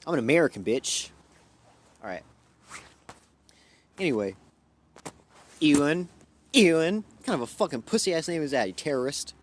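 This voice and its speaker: A man's voice: medium pitch, very animated, normal speed, long pauses, slight background noise. Profane, erratic young man from Louisiana. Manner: profane, loud and erratic, jumping between topics. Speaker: livestream host. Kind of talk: rambling casual livestream chat.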